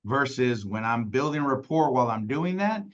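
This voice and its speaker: A man's voice: mid-range voice, animated, normal speed, muffled recording. A man leading a casual sales training call, talking conversationally and acting out clients, with many "right?" tags.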